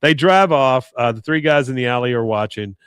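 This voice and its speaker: A man at mid pitch talks through a cartoon episode scene by scene, chatty and relaxed. He slips into the characters' lines with animated delivery. The recording is close and dry, with no room sound behind him. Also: fairly quick, clear, resonant tone, dry recording. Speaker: podcast co-host. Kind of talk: casual episode recap.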